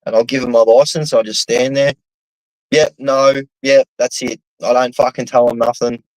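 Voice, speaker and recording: A man's voice: medium pitch, fairly even intonation, moderate pace, poor audio. A young Australian man chatting casually, telling blunt stories full of swearing. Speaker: host. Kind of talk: casual chat.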